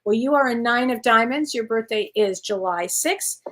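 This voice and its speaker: A psychic medium hosts a live-stream of readings in a somewhat high voice and a moderate pace. Chatty and meandering, she frequently restarts and corrects herself, and she calls the people watching honey and sweetheart.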